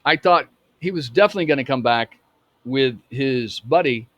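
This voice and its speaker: A man in his fifties telling a personal story in a halting way, with many restarts. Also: medium pitch, lively intonation, a bit bright, dry recording. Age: 50s. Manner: halting, full of restarts and fillers. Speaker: storyteller recounting a memory.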